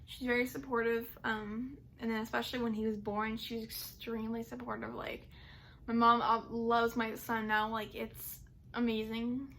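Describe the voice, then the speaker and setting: A woman's voice: on the high side, level tone, moderate pace, fairly bright tone, a little hiss or hum. Young woman rambling with filler words. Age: young adult. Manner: rambling, heavy use of "like" and "um". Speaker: vlogger. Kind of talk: casual personal storytelling.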